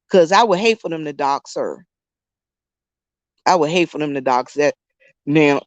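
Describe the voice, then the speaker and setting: A woman's voice: sits low, no room sound. A woman around fifty, chatting casually to her viewers, telling a story with frequent laughter and calling them y'all. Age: 50s. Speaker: YouTube vlogger.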